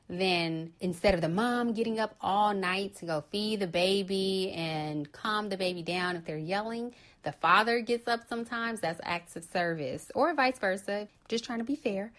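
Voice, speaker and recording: A young adult woman hosting her own podcast, talking casually and calmly to listeners and acting out little quoted lines. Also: mid-range voice. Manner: calm, chatty, acts out quoted lines. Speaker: podcast host. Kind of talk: casual solo talk.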